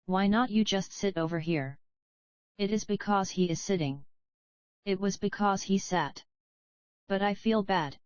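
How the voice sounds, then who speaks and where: A woman slowly reading short English phrases one at a time, with pauses between them, for a language lesson. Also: medium pitch, clean tone, no room sound, muffled recording. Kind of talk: slow read-aloud phrase drills.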